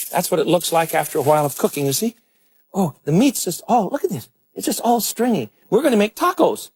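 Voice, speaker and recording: A man's voice: on the high side, darkish tone, slight background noise. A middle-aged man hosting a cooking show in a studio kitchen, chatting enthusiastically as he demonstrates dishes to the camera. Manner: chatty and enthusiastic, exclaiming over the food. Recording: 1980s television broadcast.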